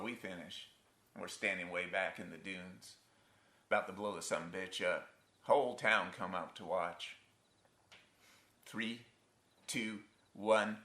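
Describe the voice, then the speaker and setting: A man's voice: deep voice, sharp tone, full character voice. A man acting a stage monologue as a grown son haunted by his abusive father, telling it in a wry, folksy rural dialect on a theatre stage. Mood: bitter. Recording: roomy theatre sound.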